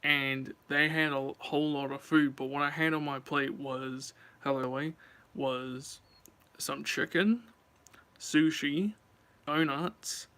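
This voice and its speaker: A man's voice: a little high, fairly even intonation, slow pace, bright, forceful tone, clear, resonant tone. A man chatting casually on a live stream, rambling and talking straight to his viewers.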